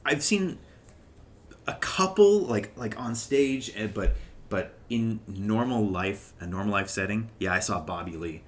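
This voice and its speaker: A young man and podcast co-host telling a story casually, animated and often laughing. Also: on the low side, unhurried.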